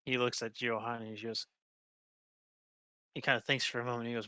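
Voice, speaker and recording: A man's voice: medium pitch, level tone, a little fast, long pauses, sharp tone, clear, resonant tone, no room sound. A man running a tabletop game as game master, narrating in a rambling way with many restarts. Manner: rambling, restarts with 'he just goes'.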